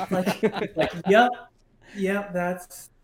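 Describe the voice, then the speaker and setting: A man's voice: high-pitched, fairly even intonation, reverberant, background noise. A man co-hosting a podcast in casual chat, stumbling and restarting often, swearing freely and laughing. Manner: halting, many restarts and stumbles. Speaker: podcast co-host.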